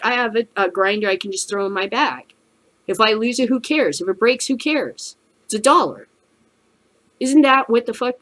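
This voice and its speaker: A woman's voice: mid-range voice, a bit bright, low-quality recording. A woman hosting a cannabis news show, ranting in profane, sarcastic commentary.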